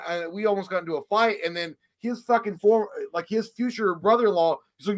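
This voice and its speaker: A man in his thirties telling a rambling, profane story in casual chat and loudly acting out the other people's lines. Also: fairly high pitch, animated, fast talker. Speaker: podcast co-host.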